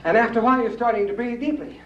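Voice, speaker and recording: A man's voice: extremely high pitch, rapid-fire, a little hiss or hum. Folksy man demonstrating exercises, echoey. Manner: folksy, coaxing, asks the audience true or false. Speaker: rebounding exercise instructor. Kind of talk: live fitness demonstration to an audience. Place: room with a live audience. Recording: distant, echoey, dull old room recording.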